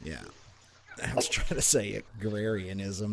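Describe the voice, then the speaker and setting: A man's voice: on the low side, normal speed, crowd noise. A man co-hosting a casual podcast who earnestly explains and argues ideas, with frequent restarts. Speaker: podcast co-host. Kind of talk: casual explaining, arguing politics.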